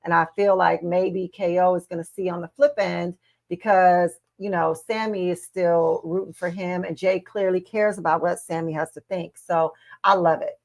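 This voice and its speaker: A woman's voice: on the low side, fairly even intonation, normal speed, a little mellow. A woman co-hosting a casual live-stream watch-along, talking to the viewers and arguing her point of view. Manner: chatty, talks straight to the viewers and argues her take.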